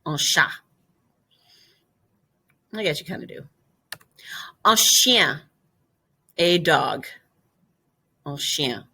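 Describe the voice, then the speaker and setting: Bright-voiced woman teaching French slowly. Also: low voice, animated. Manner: clear step-by-step explaining, repeats words slowly. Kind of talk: classroom lesson video.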